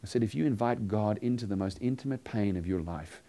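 A man preaching a sermon, earnestly telling a story and acting out the dialogue, sometimes dropping to a hushed tone. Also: fairly low pitch, fairly quick.

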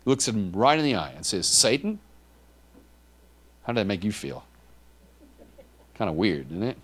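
A man preaching a sermon in a conversational, animated way, with asides to the congregation and frequent restarts. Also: on the low side, moderate pace.

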